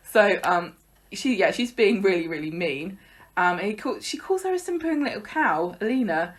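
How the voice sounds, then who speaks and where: Recapping a soap on a podcast she co-hosts, this woman is sarcastic and chatty, laughing as she goes. Her mid-range voice has a sing-song lilt at a normal speed.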